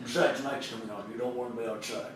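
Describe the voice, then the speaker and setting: A man's voice: mid-range voice, steady tone, quick pace, slight background noise, pitched below the performer's own voice, natural voice. A man voicing a jovial, bored alien general who leads hunters, with a drawling, folksy Texan-tinged Sean Connery impression. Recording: echoey room, mic far off.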